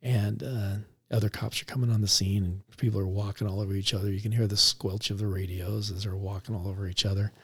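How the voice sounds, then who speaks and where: A man, a police officer, recounting a story in a relaxed conversational way, laughing now and then as he talks. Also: on the low side, fast talker, few pauses, breathy edge. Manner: animated, laughs while recounting.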